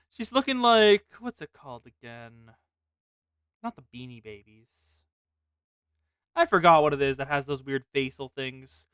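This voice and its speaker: A man's voice: a little high, lively intonation, unhurried, pauses often, fairly bright tone, smooth, no room sound, studio quality. A man chatting and joking as a co-streamer. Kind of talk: casual chat.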